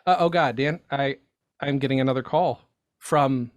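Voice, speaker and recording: A man's voice: mid-range voice, moderate pace, no room sound, muffled recording. A man from upstate New York co-hosting a comedy podcast, trading dry, self-mocking jokes in casual banter. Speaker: podcast co-host. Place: home, livestream.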